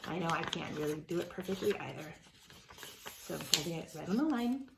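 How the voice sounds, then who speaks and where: Woman teacher, gravelly low voice, slow sounding-out, encouraging, echoey room. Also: lively intonation, very noisy. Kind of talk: remote phonics lesson for young children.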